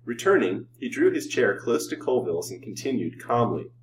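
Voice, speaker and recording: A man reading a serial story aloud in a measured, dramatic way. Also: mid-range voice, sing-song, far from the mic, noisy background.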